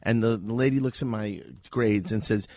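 A man's voice: on the low side, moderate pace, no echo, clean studio sound. A man from Miami, a guest in a radio interview, telling a story animatedly and acting out the voices in it, recorded in an office. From Miami, USA. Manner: lively storyteller, acts out quoted voices. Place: office with a gathering.

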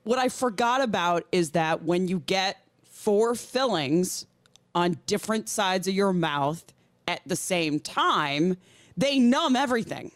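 A woman's voice: fairly low pitch, lively intonation, unhurried, no room sound. A woman co-hosting a radio talk show over a video call, her mouth numb from dental work, laughing often and slurring words a little. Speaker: radio co-host. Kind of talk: casual talk radio chat. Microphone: remote over video call.

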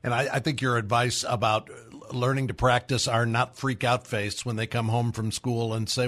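A man hosting a radio interview, easygoing and conversational, chuckling along with his guests. He moves smoothly between comments and program announcements at a middle pitch. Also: moderate pace. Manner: relaxed, chuckles along, plugs upcoming program. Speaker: radio host.

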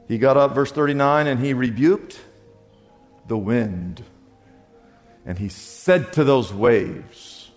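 A man preaching a sermon as pastor, with dramatic swings from quiet to loud. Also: slow, long pauses, in a large hall, faint music behind. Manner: dramatic preaching with big swings in pitch and volume.

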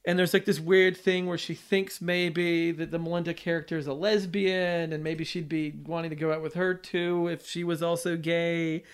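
A man's voice: fairly high pitch, flat delivery, normal speed, few pauses, smooth. A man hosting a podcast, recapping a film plot in a loose, rambling chat full of fillers and restarts. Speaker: podcast host.

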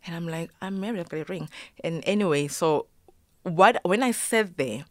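A woman's voice: lowish voice, normal speed, no room sound, clean studio sound. A middle-aged woman guest telling a personal story with feeling, acting out the voices she quotes and slipping in Zulu phrases. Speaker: guest, choreographer and yoga teacher.

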